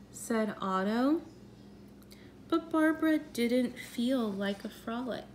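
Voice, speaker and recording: A woman reading a children's storybook aloud in an expressive, animated way. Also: a little high, slow pace, slight background noise.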